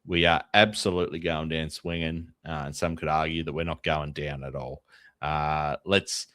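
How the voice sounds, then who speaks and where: A man's voice: a bass voice, steady tone, moderate pace, bright, forceful tone, no room sound. An Australian man hosting a casual sports podcast, chatty and openly a fan. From Tasmania, Australia. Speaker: podcast host.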